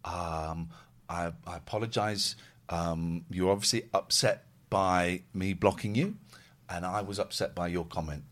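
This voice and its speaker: A radio host with a deep voice and measured pace chats casually on air. He tells stories in a lively way, acting out the quotes.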